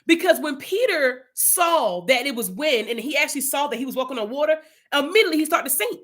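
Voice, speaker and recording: Woman, young, casual Bible study teacher, chatty, bright tone. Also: high voice, big pitch swings, brisk. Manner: casual, chatty, tells a personal testimony.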